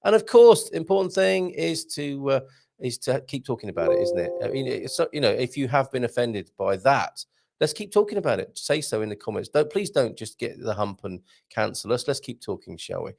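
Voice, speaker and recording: A man with a medium-pitched, somewhat dark and creaky voice talks briskly and with lots of animation. He hosts a casual live morning show, reading viewer comments aloud and chatting in a jokey way, like a laid-back live-stream chat.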